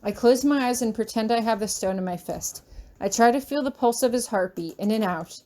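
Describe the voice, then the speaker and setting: A woman reading a first-person fanfiction story aloud, with emotional, expressive delivery. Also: on the high side, brisk. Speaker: audiobook reader.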